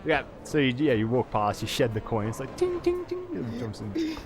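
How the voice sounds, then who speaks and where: A man's voice: medium pitch, moderate pace, gravelly, over music. A man running a tabletop game as game master, narrating with frequent laughs. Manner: laughing, animated storyteller.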